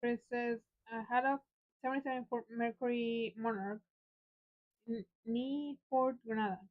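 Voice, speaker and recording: A playful woman reads chat messages aloud as co-host of a live stream. Her voice is a little higher than most women's. The recording sounds dull and lo-fi. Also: fairly even intonation, normal speed. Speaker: co-host reading viewer comments. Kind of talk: casual livestream chat.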